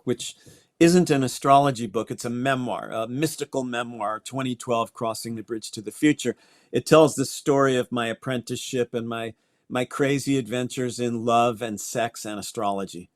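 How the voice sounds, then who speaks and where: A man's voice: mid-range voice, moderate pace, no echo, studio quality. Older man telling his story. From Connecticut, US. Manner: storytelling, reflective, with small restarts. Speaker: guest astrologer. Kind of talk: interview conversation.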